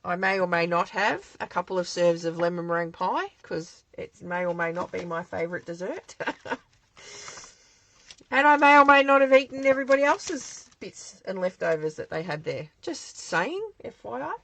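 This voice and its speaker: A woman's voice: fairly low pitch, lively intonation, moderate pace, gravelly, a bit bright, low-quality recording. An Australian woman hosting a live craft demonstration from her home craft shed, chatting in a rambling way and answering viewer comments as she works.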